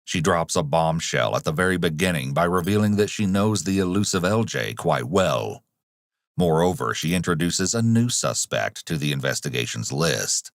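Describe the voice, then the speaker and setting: A man giving measured, dramatic scripted true-crime narration. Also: low voice, lively intonation, no room sound, clean studio sound.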